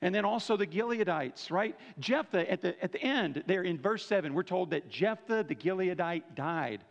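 A man's voice: high voice, animated, moderate pace. A man preaching a sermon to his church in a casual, conversational way, checking in with listeners by asking "right?" often. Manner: conversational preaching, frequent "right?" tag questions. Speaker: pastor. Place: church sanctuary. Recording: dull lo-fi church hall recording.

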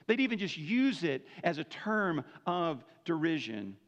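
High-voiced preacher man in echoey hall. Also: sing-song, measured pace. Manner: conversational preaching, frequent "right?" tag questions. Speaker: pastor. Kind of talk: sermon. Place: church sanctuary. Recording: dull lo-fi church hall recording.

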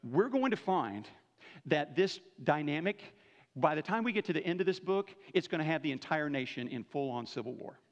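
Captured in dull, lo-fi church-hall audio, a pastor with a fairly high voice preaches in the sanctuary at a normal pace, expressive and casual. He keeps checking in with his listeners by asking "right?" often.

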